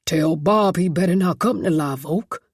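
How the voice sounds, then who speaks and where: A woman's voice: on the low side, moderate pace, breathy edge, no echo, studio quality, voice pushed down. A woman voicing a gray-haired older man in an audiobook, giving a blunt, urgent warning. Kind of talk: audiobook character voice.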